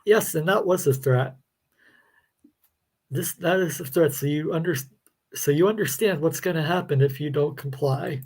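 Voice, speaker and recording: A man's voice: on the high side, moderate pace, a little mellow, breathy edge. Sarcastic male reaction-video host. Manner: sarcastic, exasperated. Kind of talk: live reaction commentary.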